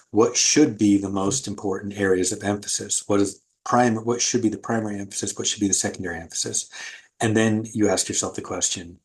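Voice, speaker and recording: Low husky male art lecturer. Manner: casual, thinking aloud with many fillers. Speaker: art instructor. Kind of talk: recorded online lecture.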